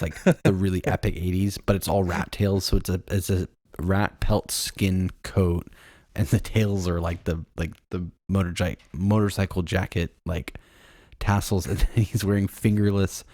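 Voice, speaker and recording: A low-pitched man with a gravelly fry in his voice chats casually on a podcast, rambling through ideas with plenty of fillers and giggles. He sounds a little tired, and the recording is close and dry with no room sound. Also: a little mellow, no room sound. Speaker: podcast co-host. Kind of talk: casual chat.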